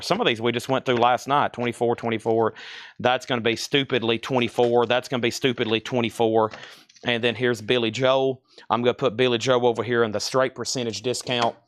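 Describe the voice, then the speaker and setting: Excitable man hosting a live record sale. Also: medium pitch, no room sound. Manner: excitable, talks to himself. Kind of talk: live selling commentary.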